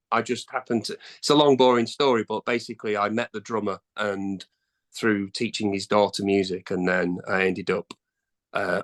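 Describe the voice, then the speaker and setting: A man's voice: fairly low pitch, a bit bright. Man in his middle years, chatty, keeps losing the thread, lots of ums. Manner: rambling, chatty, many fillers and restarts. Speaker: singer in a tribute band, interview guest. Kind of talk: casual interview answers.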